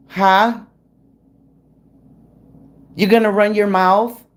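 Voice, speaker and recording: A woman hosting a true crime livestream in an unhurried, drawn-out delivery. She talks bluntly and confrontationally, with plenty of slang. Her pitch sits in a middle range. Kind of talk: casual livestream chat, greeting viewers.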